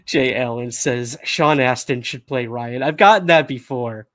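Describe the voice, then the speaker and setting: A man's voice: mid-range voice, animated, measured pace, fairly bright tone, no echo, studio quality. A man hosting a news livestream, talking casually with fillers and laughs. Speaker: podcast host.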